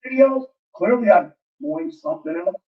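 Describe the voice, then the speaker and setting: A man's voice: extremely high pitch, animated, normal speed. A man ranting defensively in a played video clip, rambling and profane. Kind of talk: angry video rant. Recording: dull, roomy audio from a distance.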